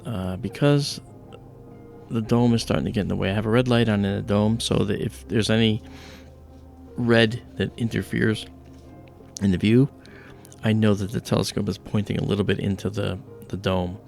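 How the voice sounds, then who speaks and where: A man's voice: on the low side, fairly even intonation, moderate pace, creaky, darkish tone, soft background music. A man hosting a livestream, chatting casually and telling a personal story with many fillers and acted-out quotes. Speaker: livestream host.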